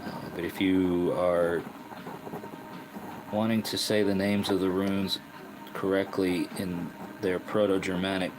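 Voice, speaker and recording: A man's voice: deep voice, little pitch movement, a little slow. A man hosting his own channel, talking casually about rune names while he works, asking rhetorical questions and playing down his own views. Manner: musing, self-deprecating, asks rhetorical questions. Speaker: rune craft channel host. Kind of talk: casual explanatory talk while crafting. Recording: noisy home recording.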